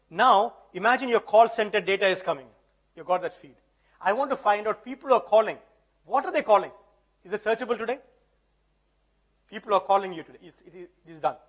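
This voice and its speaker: High-voiced man giving a live demo. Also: fairly bright tone. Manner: conversational, keeps checking the audience understands. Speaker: presenter. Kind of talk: live tech demo talk. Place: event hall.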